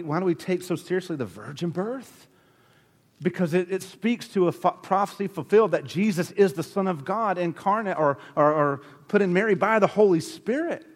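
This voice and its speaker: Pastor guy preaching, emphatic, voice rings out in a big hall. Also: on the high side. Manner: emphatic preaching with rising and falling delivery. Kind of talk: sermon.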